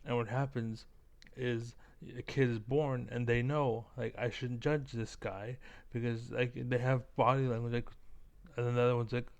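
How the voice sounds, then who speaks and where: Man, vlogger, rough gravelly voice, middle pitch; loose, profane, rambling rant. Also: level tone, normal speed. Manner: rambling, profane, full of likes and fillers. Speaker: vlogger reacting to clips. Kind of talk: casual ranting commentary.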